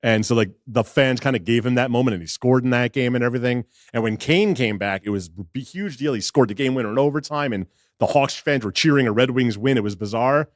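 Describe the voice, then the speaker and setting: Man, hockey columnist, wry and quick, rapid delivery, dry sound. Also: medium pitch, no echo. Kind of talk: casual chat before a live audience. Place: live podcast in front of an audience.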